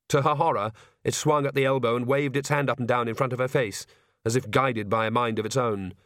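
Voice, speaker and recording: A man narrating a story in a measured, even way. His voice sits mid-pitch and sounds dry and close to the mic. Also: no echo. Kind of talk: audiobook narration.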